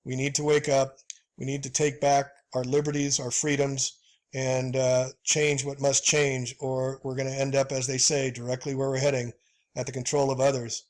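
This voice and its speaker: A man's voice: mid-range voice, monotone, normal speed, a little mellow. A man with a mid-range voice hosts his own show, walking through slides in a heated, impassioned tone. He stumbles and fills gaps with "uh," keeps turning to his listeners as "folks," and urges them to get angry. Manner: heated, addresses listeners as folks, many fillers. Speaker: video host. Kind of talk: impassioned commentary over slides.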